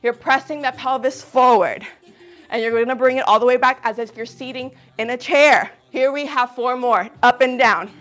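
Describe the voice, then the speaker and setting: A woman's voice: high voice, fairly even intonation, moderate pace, a bit bright. A woman leading a live ballet fitness class, out of breath, upbeat and encouraging as she counts reps and cheers. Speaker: fitness instructor. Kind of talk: live workout instruction.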